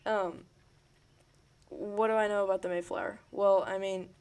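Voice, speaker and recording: A young man co-hosting a casual podcast chat, hesitant and full of ums and pauses. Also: sits high, little pitch movement, a little mellow, clean tone. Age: young adult. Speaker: podcast co-host.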